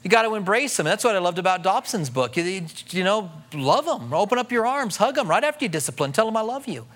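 A man's voice: high voice, big pitch swings, quick pace, fairly bright tone. A middle-aged man preaching a sermon in a conversational way, acting out the voices of the people he quotes. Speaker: pastor.

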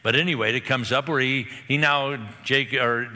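A man's voice: mid-range voice, normal speed. A man preaching a sermon, retelling a story and acting out the characters' lines. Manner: animated, acts out the characters' lines. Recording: long hall reverb.

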